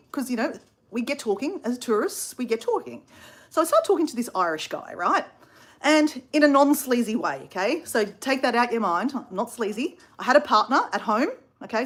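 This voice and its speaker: A chatty Australian woman in her fifties tells a travel tale to her viewers. Her voice sits a little high and swings widely up and down. She keeps breaking off to talk straight to the audience. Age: 50s. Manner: chatty, animated, asides to viewers. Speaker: storyteller. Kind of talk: casual travel storytelling.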